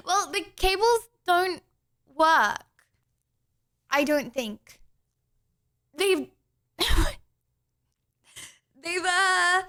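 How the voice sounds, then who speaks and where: High-voiced flustered young woman streamer. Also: fairly bright tone. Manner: flustered, exclaiming, laughing through tech trouble. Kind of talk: casual live-stream chat.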